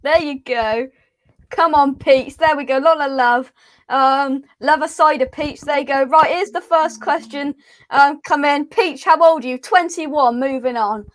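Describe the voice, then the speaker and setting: A woman hosts a casual live chat in a high, bright voice. She giggles often and reads viewers' comments aloud in an easy, friendly rhythm. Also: a little slow. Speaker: host.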